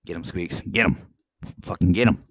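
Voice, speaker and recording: A man hosting a podcast in casual chat, joking and swearing freely as he tells animated stories. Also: low-pitched, moderate pace, no room sound. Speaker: podcast host.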